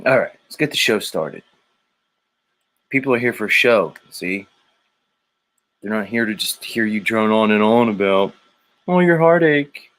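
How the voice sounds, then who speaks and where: A man's voice: fairly low pitch, moderate pace, pauses often, a bit bright. A man hosting a casual livestream show, rambling, joking and swearing as he reads viewer comments aloud.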